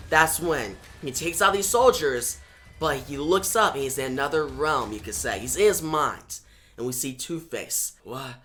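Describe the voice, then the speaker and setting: A man casually retelling a comic story, excitable and eager. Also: fairly high pitch, normal speed, faint music behind. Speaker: comic reviewer.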